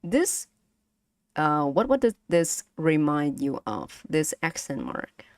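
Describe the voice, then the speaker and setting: Very animated but slow, this giggly vtuber language streamer has a low voice and a Vietnamese accent. She plays around with her stream chat in a casual lesson, drilling tones aloud. Dry recording, clean studio sound.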